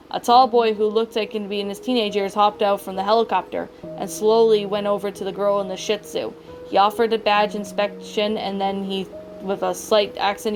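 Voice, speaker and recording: A woman reading a creepypasta aloud in a halting way, often stumbling and correcting herself. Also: mid-range voice. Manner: halting, frequent self-corrections. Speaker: story reader. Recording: faint background music.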